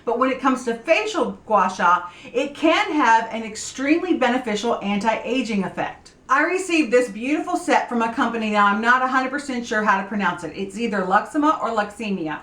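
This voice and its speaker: A woman in her forties hosting a skincare tutorial vlog, explaining in an upbeat, clear way. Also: on the high side, a bit bright, reverberant. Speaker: beauty vlog host.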